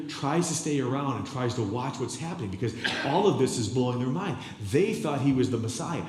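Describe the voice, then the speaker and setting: Animated male pastor in an echoey hall. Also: mid-range voice. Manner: animated, conversational storytelling with asides to the congregation. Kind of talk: sermon. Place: church sanctuary. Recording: echoey church hall with long reverb.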